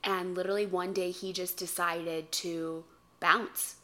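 A woman co-hosting a podcast in casual chat, an animated storyteller who laughs and swears freely. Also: on the low side, unhurried. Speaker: podcast co-host.

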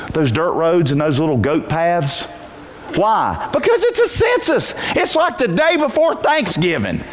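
A pastor preaching a sermon in church, telling the story with energy and moving from quiet asides to shouted peaks. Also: male voice, high voice, slight background noise.

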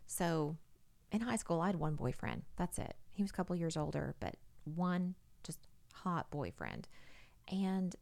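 Woman, middle-aged, podcast guest, casual storytelling, gravelly, swooping pitch, acts out quotes. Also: unhurried. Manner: animated, acts out quoted voices.

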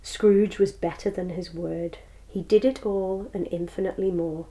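Woman storybook narrator, expressive and dramatic. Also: lowish voice, moderate pace. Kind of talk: storybook reading.

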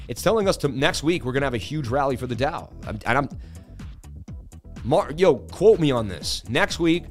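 Male stream host, casual chart talk, animated and sure of himself, faint music bed. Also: on the high side. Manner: animated, repetitive, confident. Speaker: crypto market analysis livestream host. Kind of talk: casual livestream chart commentary.

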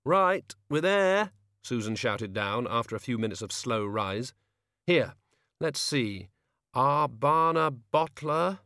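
A man reading an audiobook, voicing a brisk young woman governess who gives orders impatiently. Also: medium pitch, sharp tone, no room sound, clean studio sound. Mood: commanding. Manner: commanding, impatient. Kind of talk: audiobook character voice.

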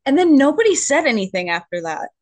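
A woman's voice: high voice, very animated, fast talker, dry recording. A young adult woman, a guest on a podcast, candidly telling a personal story in a chatty way, with lots of "like". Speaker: guest, musician and advocate.

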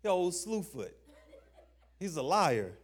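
A young adult man preaching a sermon, emphatic, asking the listeners questions and reading scripture slowly with stress. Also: sits high, very animated, breathy edge. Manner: emphatic, call-and-response questions; slow stressed scripture reading, informal grammar.

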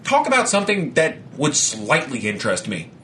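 A man in casual chat who rants with lots of swearing, laughs as he talks, and mocks other people in flat put-on voices. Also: medium pitch, fairly quick, a little hiss or hum. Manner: laughs often while talking.

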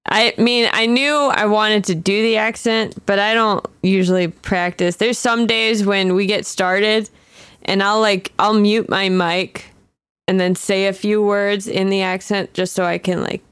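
A woman's voice: mid-range voice, steady tone, a bit bright, smooth, no echo. A young woman co-hosting a podcast, chatting casually in a playful, joking way. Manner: chatty, playful, quick to joke. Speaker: podcast co-host and player. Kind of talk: casual chat.

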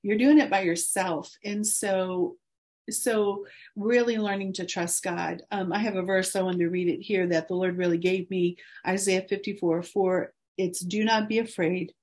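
A woman in her forties, a guest in an interview, speaking earnestly and encouragingly about her faith with soft laughs. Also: medium pitch, steady tone, normal speed.

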